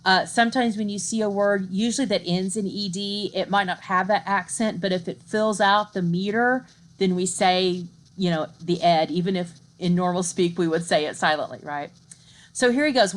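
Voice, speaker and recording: A middle-aged woman giving a recorded university literature lecture, explaining in a conversational way, often asking "right?" and reading poetry aloud slowly. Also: medium pitch.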